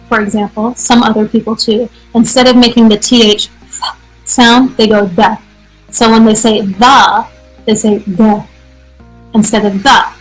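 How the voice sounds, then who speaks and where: An American woman hosting a live English practice show, answering viewer questions in an energetic, chatty way. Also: on the high side, rough recording. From United States. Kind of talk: casual live-stream teaching.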